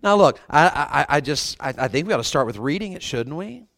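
A man's voice: fairly high pitch, expressive, brisk, gravelly, a bit bright, no room sound. A man with a Southern US accent preaching a fervent revival sermon, often putting questions to the congregation. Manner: fervent, asks the crowd questions.

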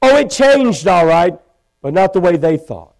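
A man preaching a sermon in a church, telling his own story with feeling and rising to loud pleading. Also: sits high, big pitch swings, unhurried, creaky. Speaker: pastor. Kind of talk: sermon testimony. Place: church sanctuary.

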